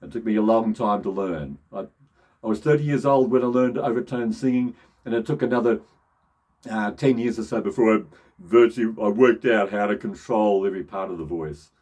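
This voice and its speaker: A man's voice: lowish voice, brisk, darkish tone. Man teaching voice projection, many restarts. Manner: restarts and repeats phrases often; shifts into demonstration voices. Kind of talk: casual spoken voice lesson.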